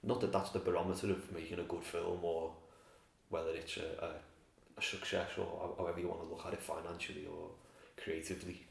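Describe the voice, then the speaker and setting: A man with a very deep voice tells film stories in relaxed, profane chat. He sits back from the mic, and the room around him rings with echo. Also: a little fast, vocal fry. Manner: swears freely, storytelling. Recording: roomy, distant from mic.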